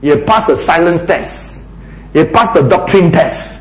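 A man preaching a sermon, emphatic and animated, often acting out quoted lines. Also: on the high side, a little slow. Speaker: pastor. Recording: echoey hall.

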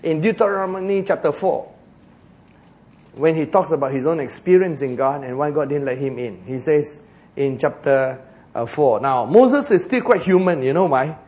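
Animated male preacher with a Singaporean English accent, fairly high voice, jokey sermon delivery. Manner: animated, joking, slows for emphasis.

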